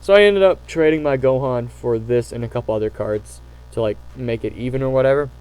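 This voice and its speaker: A man casually telling stories to camera, excitable and rambling, with lots of fillers and restarts. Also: mid-range voice, brisk, smooth, rough recording. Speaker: channel host.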